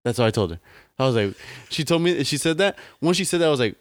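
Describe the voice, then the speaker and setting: A man's voice: mid-range voice, lively intonation, fast, no room sound, studio quality. A young man on a casual podcast, telling a long story in a rambling, slangy way full of fillers. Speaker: podcast co-host. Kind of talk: casual chat.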